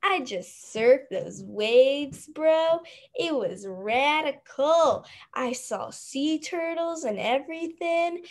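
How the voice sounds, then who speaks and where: A woman doing a drawling mellow surfer dude. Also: sits high, lively intonation, exaggerated voice. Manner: slow, drawled slang.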